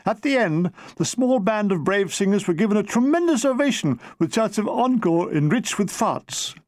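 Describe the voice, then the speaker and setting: A man's voice: high voice, lively intonation, normal speed, no echo. A man reading his own memoir aloud in a dry, comic storytelling manner. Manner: dry comic storytelling, slipping into brief character voices. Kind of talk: audiobook narration.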